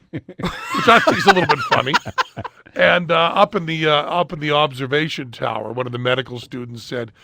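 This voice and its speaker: A middle-aged man hosting a podcast, telling a story in casual chat and loudly acting out the people in it. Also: a little high, normal speed, gravelly, a little hiss or hum. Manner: animated, shouts and acts out quoted people. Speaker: podcast host.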